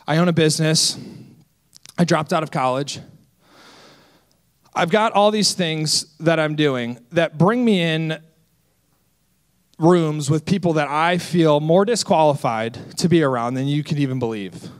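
A man in his twenties, a senior associate pastor, preaching a sermon with lively self-deprecating stories. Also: a little high, unhurried, long pauses. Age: 20s. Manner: energetic, storytelling with self-deprecating humor.

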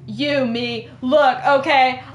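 A woman with a high voice chats on a live game stream, quick to joke about herself. Her voice rings a little in an echoey room. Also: steady tone, a little hiss or hum. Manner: laughs often, jokey and self-mocking. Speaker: streamer co-host. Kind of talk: casual gaming stream chat.

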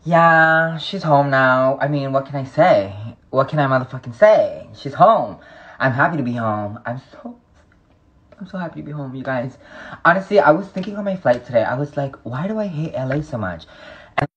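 A man from Hawaii rants and gushes into a phone held at arm's length, his voice sitting at an ordinary middle pitch. He is sassy and theatrical, swearing freely in a casual story-vlog way. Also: animated, normal speed, a bit bright, lo-fi sound. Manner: sassy, profane, dramatic. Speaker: social media personality.

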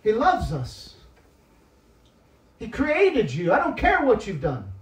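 A man preaching a sermon as a guest speaker in church, moving between soft, tearful-toned confession and loud, emphatic exhortation. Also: sits high, huge pitch swings, slow pace. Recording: echoey church hall, distant mic.

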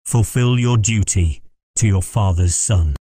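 A man's voice: lowish voice, a little slow, warm tone, slightly rough, dry recording. A man voicing a stern, solemn male prisoner in an audiobook.

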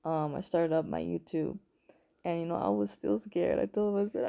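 Woman, very gravelly voice, mellow tone, rambling heartfelt vlog testimony. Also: lowish voice, fairly even intonation, normal speed. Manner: emotional, rambling, addresses viewers as folks and honey. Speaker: spiritual content creator.

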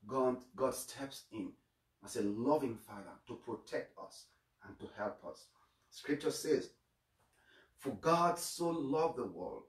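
A man's voice: mid-range voice, lively intonation, slow, far from the mic. A man giving a homily as a priest, earnest, often repeating his first words and stumbling on starts. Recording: echoey room, voice away from mic.

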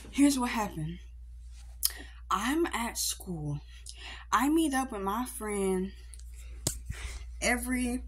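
A woman's voice: mid-range voice, fairly bright tone, a little hiss or hum. A young woman vlogger telling an indignant, slangy story in a casual rant.

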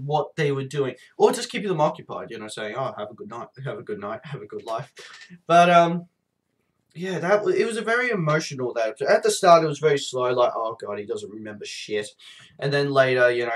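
Man, sore throat, stuffy nose, fairly high voice, rambling casual review, lots of swearing and fillers. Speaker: TV episode reviewer.

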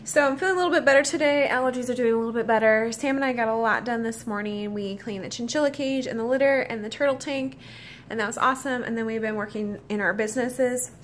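A young woman talking casually to the camera in a personal vlog, relaxed and chatty. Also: a little high, fast talker, a little hiss or hum. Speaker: vlogger.

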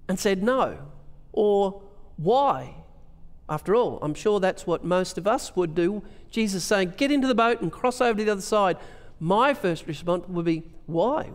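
High-voiced Australian pastor preaching. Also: male voice, clean tone, long reverb tail. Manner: earnest preaching with rhetorical questions and scripture reading. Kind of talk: sermon. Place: church hall.

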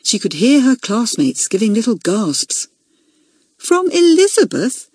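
A woman reading a children's book aloud, with expressive storytelling. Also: mid-range voice, moderate pace, breathy edge, dry recording. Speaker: audiobook narrator. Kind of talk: scripted narration.

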